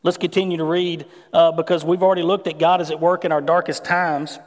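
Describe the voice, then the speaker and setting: A man's voice: fairly high pitch, flat delivery, fairly quick. A man preaching a conversational sermon, mixing scripture reading with folksy personal stories. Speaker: pastor. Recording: long hall reverb.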